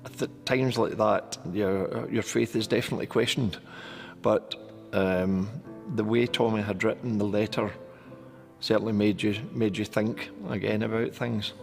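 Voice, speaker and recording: Flat-voiced man, measured and subdued. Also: on the low side, gravelly, faint music behind. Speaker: bereaved father interviewed in a documentary. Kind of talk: interview recollection.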